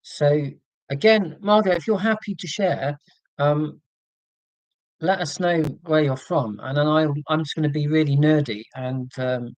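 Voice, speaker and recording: Speaking at a measured pace with a fairly high pitch, an English host with received pronunciation chats casually on his livestream. He reads and answers live chat with frequent ums, recorded on a computer mic in poor audio with no room sound.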